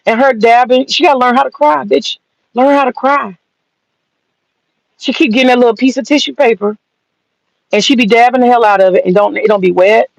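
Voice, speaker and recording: A woman's voice: a little high, fairly quick, vocal fry, pauses often, no echo. A woman ranting bluntly and mockingly, profane and sassy. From American South. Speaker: commentator. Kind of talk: profane opinion rant. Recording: dull lo-fi dry sound.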